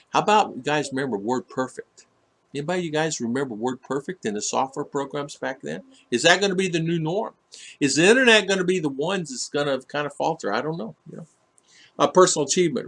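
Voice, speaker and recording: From his home in the Philippines, a man hosts a casual livestream, reading viewer comments aloud. His medium-pitched voice is gravelly and a bit bright, and he rambles through the chat with many fillers and restarts.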